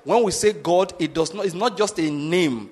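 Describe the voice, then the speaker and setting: Emphatic pastor in a reverberant hall. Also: male voice, high voice, normal speed, a little mellow. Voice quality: emphatic, drives points home with repeated check-in questions. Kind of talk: sermon.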